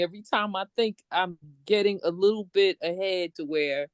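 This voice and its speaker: Speaking slowly at medium pitch, a middle-aged open mic participant vents on a video call in a frustrated, casual way. Her rant unfolds in long run-on stretches, with no room sound in the recording.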